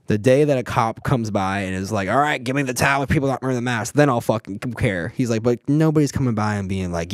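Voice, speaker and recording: A young man co-hosting a podcast, telling stories in a loud, profane rant and often swearing. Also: on the low side, no room sound, studio quality. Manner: profane, ranting, lively storyteller. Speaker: podcast co-host. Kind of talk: casual chat.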